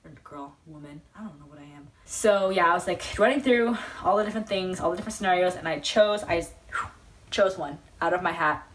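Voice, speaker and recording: A young woman telling a story as a vlogger, rambling and excitable, full of fillers. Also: lowish voice, a little fast. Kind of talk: casual storytelling. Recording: voice a bit far from the mic.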